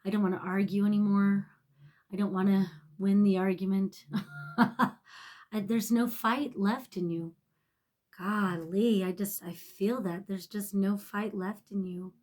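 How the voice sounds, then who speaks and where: A woman giving a casual tarot reading to camera. She rambles, swears freely and is emotional, often sinking to a soft near-whisper. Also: medium pitch, steady tone, unhurried. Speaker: tarot reader.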